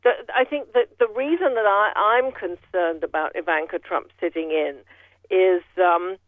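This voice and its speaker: A man's voice: sits high, normal speed, dry recording. Man talking over a tinny phone line. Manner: rambling, many restarts, sardonic asides. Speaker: political commentator. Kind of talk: casual political talk.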